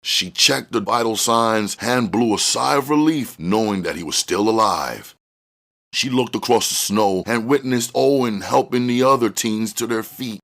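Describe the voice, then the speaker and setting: A man with a very deep voice reads a novel aloud. His narration is steady and measured, laying out the scenes in an even storybook manner. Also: vocal fry. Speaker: audiobook reader. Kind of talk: storybook reading.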